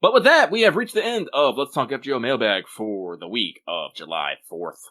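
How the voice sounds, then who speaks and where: A man's voice: mid-range voice, expressive, normal speed, fairly bright tone. A man co-hosting a podcast and reading listener mail, playful and jokey with mock-dramatic asides. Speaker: podcast co-host reading mailbag. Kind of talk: casual chat.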